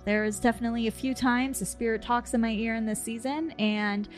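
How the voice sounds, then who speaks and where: A woman podcast host telling a story casually over a video call, animated, laughing and swearing as she goes. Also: on the high side, brisk, soft background music.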